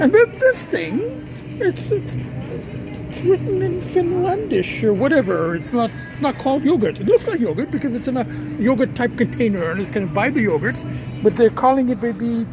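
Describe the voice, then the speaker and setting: A man's voice: high-pitched, creaky, slight background noise. A man vlogging casually as he goes about his day, talking in a rambling way with lots of fillers and restarts, often chuckling. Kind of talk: casual vlog commentary. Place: outdoors and around town, restaurant patio, store.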